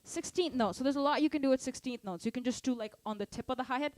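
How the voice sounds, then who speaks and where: Energetic woman teaching drums over a kit. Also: high voice, fast talker, few pauses, loud music behind the voice. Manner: energetic, calls out counts and asks for engagement. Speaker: drum teacher. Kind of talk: live online drum lesson. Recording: drum kit playing behind. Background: drum kit.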